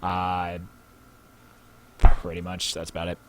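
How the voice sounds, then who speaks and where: Halting young man as game master. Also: sits low, completely flat delivery, a bit bright, slight background noise. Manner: halting, many fillers and restarts. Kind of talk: narrating a tabletop game. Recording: faint music behind.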